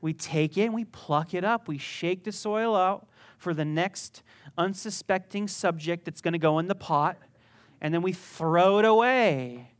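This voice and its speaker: A man's voice: high voice, a little slow. A middle-aged male pastor preaching a sermon in a conversational, joking storytelling manner that builds to emphatic peaks.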